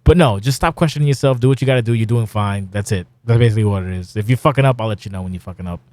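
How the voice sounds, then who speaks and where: A man's voice: fairly low pitch, very fast, darkish tone, no room sound. Profane rambling man, dry close sound. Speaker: podcast host. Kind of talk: casual podcast chat.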